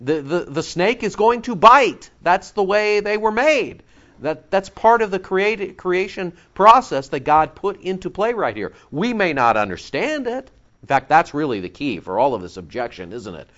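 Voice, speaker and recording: A man preaching a conversational sermon to his congregation, with lively asides and self-corrections. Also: sits high, moderate pace, dull audio. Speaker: pastor.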